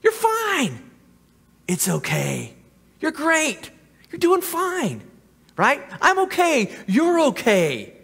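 A man's voice: very high-pitched, wildly swooping pitch, slow pace, creaky, pauses often, a bit bright, in a large hall, voice pushed up, full character voice. A man doing a sly singsong devil. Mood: falsely soothing. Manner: mocking, singsong reassurance. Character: Satan, a sly male devil, falsely soothing.

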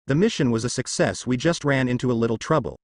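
A man's voice: mid-range voice, quick pace, no echo, clean studio sound, close to an everyday voice. A man voicing a composed masked ninja woman. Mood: respectful report. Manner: polite, reporting, a bit evasive.

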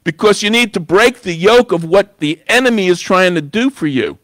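Guy preaching in church, fairly high voice, dry sound, chatty, lots of "you know". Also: animated, normal speed, a bit bright, dry recording. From New York. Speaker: guest preacher. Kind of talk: sermon.

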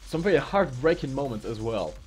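Animated male esports commentator. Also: mid-range voice, faint music behind. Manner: playful, jokey, fast banter. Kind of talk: live game commentary.

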